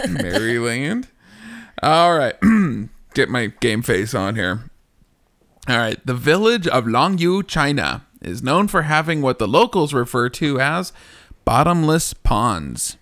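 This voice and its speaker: A man's voice: mid-range voice, big pitch swings, slow pace, a bit bright, no echo, studio quality. A man hosting a casual podcast, joking, swearing and laughing while he tells a story. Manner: jokey, swears, laughs a lot. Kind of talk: casual chat and story narration.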